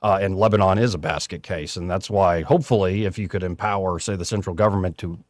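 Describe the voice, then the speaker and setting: A man's voice: low voice, steady tone, fast talker. A man hosting a talk radio show, giving conversational, opinionated commentary at a studio mic.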